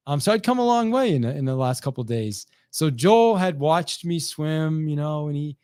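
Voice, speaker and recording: Animated storytelling man, dry sound. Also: on the high side, normal speed, smooth, no echo. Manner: animated, acts out quoted dialogue, frequent restarts. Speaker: sales trainer. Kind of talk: motivational storytelling.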